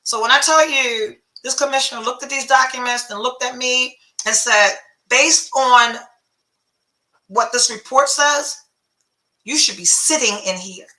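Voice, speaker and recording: A woman's voice: on the high side, measured pace, bright, forceful tone, echoey room, rough recording. A middle-aged woman, a podcast host candidly retelling a personal story, full of profanity and quoted dialogue.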